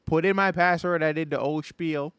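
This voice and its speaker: A man hosting a podcast, relaxed and chatty in casual talk. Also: a little high, moderate pace, clear, resonant tone, no room sound, clean studio sound. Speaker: podcast host. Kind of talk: casual chat.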